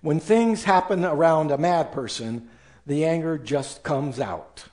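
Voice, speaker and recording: A man's voice: on the high side, a little slow, a little mellow. A male pastor preaching a sermon with emphasis, acting out listeners' objections in raised voices.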